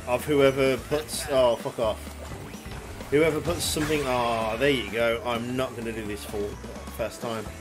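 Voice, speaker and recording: A man giving excitable, swear-heavy let's play commentary, yelling at the game as he plays. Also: medium pitch. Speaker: gaming YouTuber. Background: game music.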